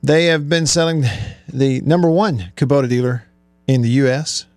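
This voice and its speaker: Chatty sports radio host, dry studio sound. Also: male voice, mid-range voice, moderate pace, darkish tone, dry recording. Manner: chatty, laughing often, easygoing. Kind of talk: casual radio talk. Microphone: studio microphone.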